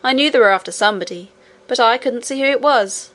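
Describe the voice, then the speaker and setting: A woman's voice: on the high side, fast, a bit bright, lightly acted. A woman voicing a brave, cheerful twelve-year-old miner boy who speaks confidently and matter-of-factly in an audiobook. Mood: assured. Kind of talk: audiobook character reading.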